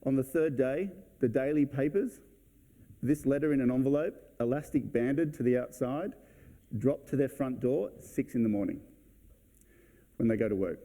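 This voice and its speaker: Man, very dark mellow voice, blunt and brisk conference speaker who acts out client chats. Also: medium pitch. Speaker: real estate agent giving a talk. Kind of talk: conference talk. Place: event hall.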